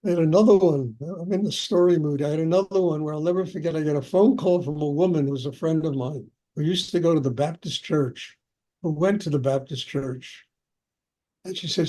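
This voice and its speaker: An older spiritual teacher in a question-and-answer talk recounts personal stories, chatting and laughing often, with plenty of "you know." He speaks at a moderate pace in a fairly high, mellow voice.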